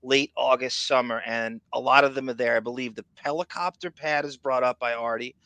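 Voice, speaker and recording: Excitable bright-voiced podcast co-host, man. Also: medium pitch, fairly quick, no echo. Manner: excitable, rambling, self-interrupting. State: raspy. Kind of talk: casual chat.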